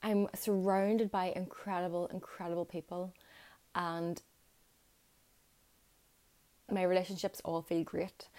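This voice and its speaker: Low, mellow-voiced woman giving heartfelt encouragement. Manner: earnest and encouraging, with many "like" fillers. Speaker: vlogger. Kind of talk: reflective motivational talk to camera.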